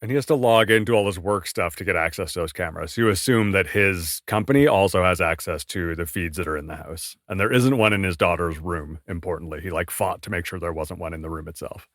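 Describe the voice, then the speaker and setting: Fast-talking man, low voice. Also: a bit bright, dry recording, clean studio sound. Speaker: podcast co-host. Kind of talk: casual book discussion.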